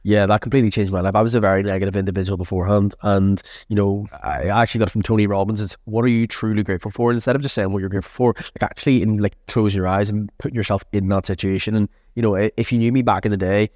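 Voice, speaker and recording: A man's voice: lowish voice, steady tone, rapid-fire, few pauses, a little mellow, no echo, clean studio sound. A man hosting a podcast, chatting easily and drawing out his guest. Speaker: podcast host. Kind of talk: casual chat.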